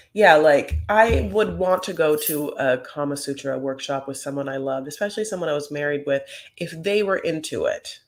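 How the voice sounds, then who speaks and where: Campy, gravelly reality TV recapper. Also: male voice, high voice. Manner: rambling, campy, heavy on fillers. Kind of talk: comedic recap commentary.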